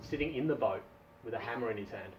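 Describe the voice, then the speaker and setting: A man's voice: medium pitch, animated, fast. Playful man telling a long joke. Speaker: storyteller. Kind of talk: casual told joke. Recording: distant dull room recording.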